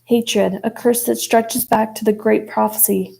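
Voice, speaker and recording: A woman's voice: on the high side, fairly even intonation, measured pace, creaky, warm tone, low-quality recording. A woman voicing the solemn, warning ghost of a protective older sister.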